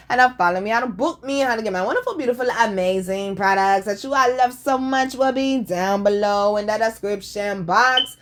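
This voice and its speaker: A woman's voice: medium pitch, a little fast, hardly any pauses. A woman hosting a casual show, telling stories in a blunt, profane, sassy way. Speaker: podcast host. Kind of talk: casual storytelling chat.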